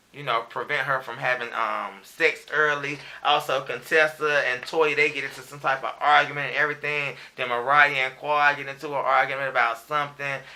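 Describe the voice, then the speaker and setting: A man's voice: medium pitch, pushed and bright. A man giving a chatty, profane, gossipy review of a reality TV episode, peppering his talk with filler phrases. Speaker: reality TV recap vlogger.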